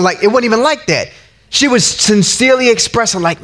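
A man in his thirties preaching a sermon in a lively, slangy way, acting out the people in his stories with big swings of voice. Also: very high-pitched, brisk. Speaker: pastor.

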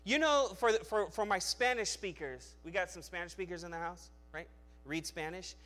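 Delivering a sermon at normal speed, this male preacher shifts from forceful, booming statements to hushed, low remarks. Restarts and repeated words come up often.

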